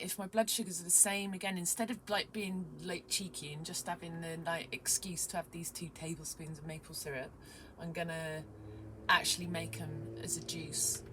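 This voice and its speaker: Young adult woman, low-ish voice, casual vlogger who rambles with lots of fillers and sudden whispers. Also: slight background noise. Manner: excitable, rambling, many fillers, drops to whispers. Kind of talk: casual vlog chat.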